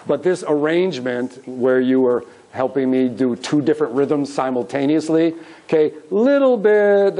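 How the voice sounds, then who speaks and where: A man's voice: a little high, a little mellow, low-quality recording. A middle-aged man leading a music workshop, teaching with call-and-response singing in a conference room. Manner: upbeat, leads the room in sung call-and-response. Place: conference room with live audience. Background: guitar strummed by the speaker.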